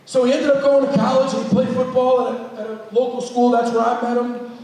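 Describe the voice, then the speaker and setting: A man's voice: extremely high pitch, little pitch movement, a little fast, a little mellow. A man, a school guidance counselor and coach, telling a motivational story to students and speaking plainly and directly to the audience. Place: large school hall with an audience. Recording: echoey hall, voice from far off.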